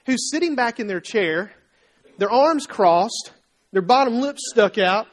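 A man delivering a sermon in an animated, conversational style. He tells everyday stories and briefly plays the people in them, then turns to ask his listeners questions. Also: high-pitched, a little slow. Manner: animated storytelling, acting out quoted voices; conversational, asks the congregation questions. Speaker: pastor.

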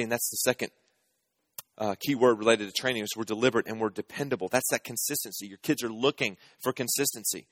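A man's voice: fairly low pitch, fairly bright tone, dry recording. A man in his thirties preaching a sermon, telling family stories in a conversational, humorous way and asking the audience questions. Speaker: pastor.

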